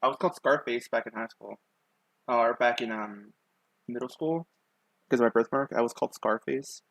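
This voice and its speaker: A young man streams himself drawing and chats loosely with viewers at normal speed, his mid-range voice fairly bright and full of ums and likes. No room sound is audible.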